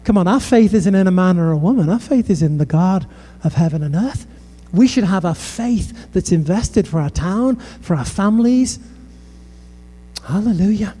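A man's voice: sits high, animated, normal speed, dark tone, slightly rough. A male pastor from the United Kingdom preaching a passionate sermon with conversational asides in a church hall. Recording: echoey hall.

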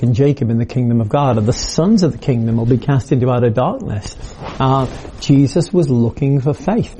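A man's voice: mid-range voice, mellow, slight background noise. A man preaching a video sermon in a conversational, storytelling way, acting out quoted voices.

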